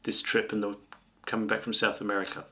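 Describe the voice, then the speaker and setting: A man's voice: on the low side, monotone, quick pace, crowd noise. A man co-hosting a podcast, teasing and swearing in a bickering casual chat. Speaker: podcast co-host.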